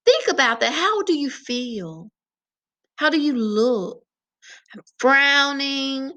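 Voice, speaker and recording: A woman teacher giving a slow, sing-song vocabulary lesson to young children. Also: sits high, sharp tone.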